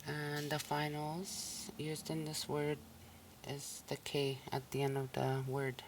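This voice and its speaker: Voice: mid-range voice, slow, a little hiss or hum. A language teacher on a recorded listening lesson, repeating each word patiently and breaking it into syllables. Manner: patient, even explaining tone.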